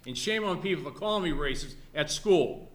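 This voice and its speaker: A man's voice: on the high side, expressive, fairly quick. A man giving an impassioned, repetitive public comment at a town meeting, scolding and patriotic.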